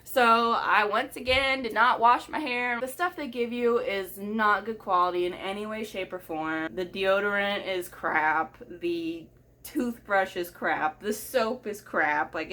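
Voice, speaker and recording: A woman's voice: medium pitch, unhurried, sharp tone. A young woman vlogger telling a personal story candidly and bluntly, swearing and laughing things off.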